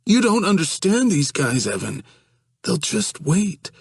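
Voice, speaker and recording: A man voicing a scared young man who whines and pleads in a husky voice pushed high. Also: very animated, measured pace, dry recording, studio quality, full character voice. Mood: panicked. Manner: pleading, whining, voice cracking high.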